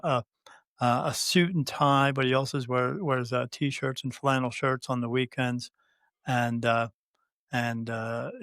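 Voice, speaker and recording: A man in his fifties talks as an interview guest at a middling pitch. He tells his story with many "uh"s and restarts and slips into the people he quotes. The sound is dry, with no room echo. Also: fairly bright tone. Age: 50s. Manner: halting, many "uh" fillers and restarts, acts out quoted dialogue. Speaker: guest, spirit medium.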